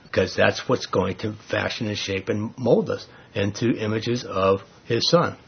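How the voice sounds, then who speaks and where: Male preacher, sermon, earnest storytelling, very husky, lo-fi sound. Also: fairly low pitch, unhurried. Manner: earnest, storytelling with many restarts.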